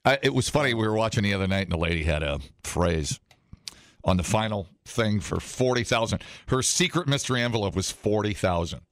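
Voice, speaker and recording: A man from Wisconsin with a low voice chats casually as a co-host, rambling from joke to joke. His pitch swings widely, and he breaks into sudden loud outbursts. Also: animated, brisk, dry recording. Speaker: podcast co-host. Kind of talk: casual chat.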